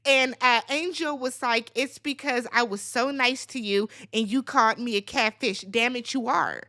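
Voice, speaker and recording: Sassy, bright-voiced woman ranting. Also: on the high side, moderate pace. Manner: sassy, blunt and profane, swinging into loud squeals. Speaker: recap channel host. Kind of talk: casual reality TV recap rant.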